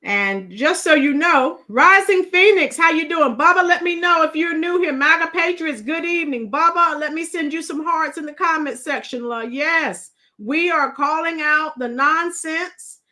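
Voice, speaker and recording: High, bright-voiced middle-aged woman chatting. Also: moderate pace, hardly any pauses. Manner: chatty, greets commenters, breaks into song. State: voice strained from shouting. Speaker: livestream host. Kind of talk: casual livestream commentary.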